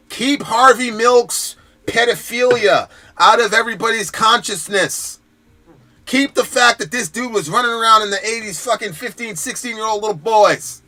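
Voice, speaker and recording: A man hosts a political commentary stream in a heated, profane, emphatic rant. His voice sits a bit high and pushes hard and forcefully. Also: normal speed, soft background music. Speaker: host.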